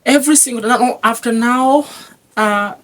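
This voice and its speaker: A woman's voice: fairly high pitch, unhurried, a bit bright. A woman giving an earnest personal testimony, repeating phrases and restarting often. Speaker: guest sharing a testimony.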